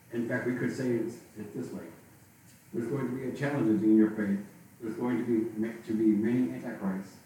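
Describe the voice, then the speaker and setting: A man preaching a sermon as pastor, speaking haltingly and often restarting and repeating his words. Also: lowish voice, warm tone. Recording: very echoey, from far off, faint noise.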